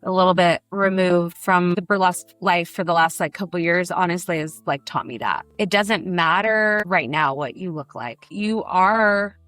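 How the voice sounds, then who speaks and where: A middle-aged woman from Brazil, a burlesque performer, telling candid, animated stories in an interview and acting out the people she quotes. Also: lowish voice, moderate pace, hardly any pauses, no room sound. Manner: animated, emotional storytelling with acted quotes.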